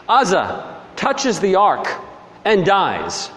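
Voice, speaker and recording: A man preaching a sermon, sometimes mimicking complainers in a high voice, then dropping low and stern. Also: very animated, unhurried, pauses often, big-room sound.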